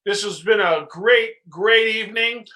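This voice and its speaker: A man's voice: sits high, measured pace, sharp tone, poor audio. A man hosting and closing a livestream, upbeat and full of thanks, with fillers. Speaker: host.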